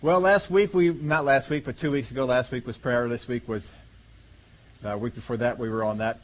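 A man preaching a conversational Bible-teaching sermon, slowing down and stretching key words for emphasis. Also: mid-range voice, fairly even intonation, dull audio. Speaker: pastor.

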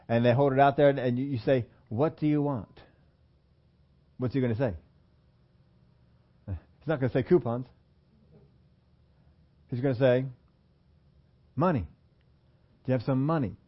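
A man's voice: mid-range voice, muffled recording. A man preaching a sermon in a church room, talking conversationally and putting questions to the congregation. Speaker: pastor.

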